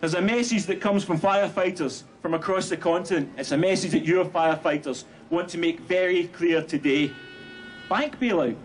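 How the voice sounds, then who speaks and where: A man giving a rally speech as a union speaker, shouting slogans with rhetorical fire. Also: high-pitched, normal speed. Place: outdoor street rally. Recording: noisy outdoor rally audio.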